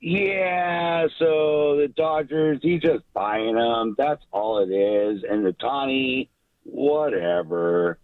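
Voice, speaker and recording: Male caller, slow, laid-back, tinny dry phone audio. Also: medium pitch, dry recording. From California. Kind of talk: call-in to a sports show.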